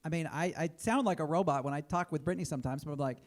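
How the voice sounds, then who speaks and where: A man with a slightly high voice moderates a conference panel. He asks questions and adds his own anecdote. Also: racing.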